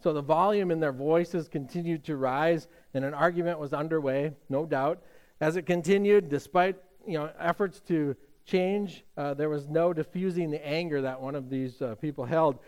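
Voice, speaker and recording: A middle-aged man delivers a sermon from the pulpit, his voice sitting slightly high for a man. He tells stories conversationally, pausing on fillers and restarting his sentences as he goes. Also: a little mellow, smooth. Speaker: pastor.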